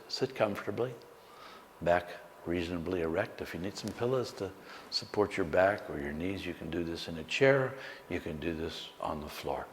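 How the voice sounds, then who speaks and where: A man, a meditation teacher, guiding a slow, calm meditation with long pauses. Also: deep voice. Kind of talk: guided meditation. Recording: long hall reverb, faint background noise.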